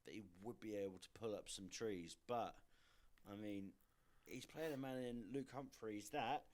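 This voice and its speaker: A young man presenting a darts podcast, chatting casually and quickly going over results and upcoming fixtures. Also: fairly low pitch, a little mellow. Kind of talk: casual sports podcast chat.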